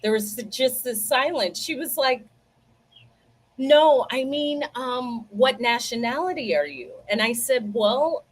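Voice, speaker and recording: A woman hosts a livestream and chats with her viewers in a casual, lively storytelling way. Her voice sits a little higher than most women's. She takes her time, talking at an unhurried pace. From United States. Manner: chatty, animated storytelling, talks to viewers directly. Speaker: livestream host. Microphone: computer mic, livestream.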